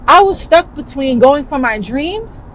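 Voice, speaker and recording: A woman podcast host tells a personal story in an animated, emphatic, chatty way. Her voice sits somewhat high for a woman. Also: measured pace, a little hiss or hum, poor audio.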